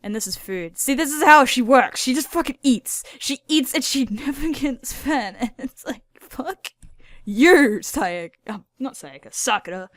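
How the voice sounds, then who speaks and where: Excitable, foul-mouthed woman host. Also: high voice, moderate pace, hardly any pauses, dry recording, clean studio sound. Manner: profane, rambling, excitable; filler-heavy. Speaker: video host. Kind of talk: casual anime commentary.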